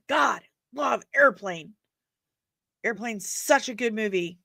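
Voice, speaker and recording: A woman hosting a live stream in a relaxed, joking way, her voice sitting a little high for a woman. She chats with viewers and breaks into sudden loud, energetic bursts. The sound is dry and close, with no room around it. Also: measured pace, vocal fry, no room sound. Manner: playful, quoting film lines, bursts of loud energy. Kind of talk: casual live-stream chat.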